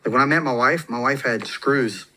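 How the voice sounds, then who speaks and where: A man's voice: mid-range voice, normal speed, bright, forceful tone. A man telling personal stories as a podcast guest in a casual, rambling way, with fillers and restarts. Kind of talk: casual storytelling.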